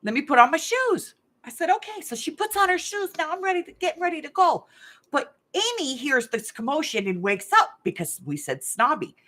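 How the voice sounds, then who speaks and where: A woman's voice: high voice, sing-song, moderate pace, sharp tone. Chatty, rambling middle-aged woman. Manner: chatty, rambling, laughs often. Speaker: host of a craft channel live game. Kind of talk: casual chat and storytelling. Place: hot room at home.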